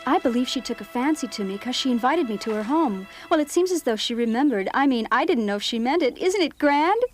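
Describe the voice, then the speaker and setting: A woman voicing Meg, a dreamy and excitable older teenage girl in a dubbed cartoon, who gushes. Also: sits high, brisk, soft background music. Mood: excited.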